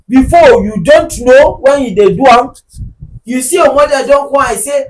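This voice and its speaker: High-voiced Nigerian man hosting, animated. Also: normal speed, rough recording. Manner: animated, joking, bursts into shouting. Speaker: podcast host. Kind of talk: casual chat.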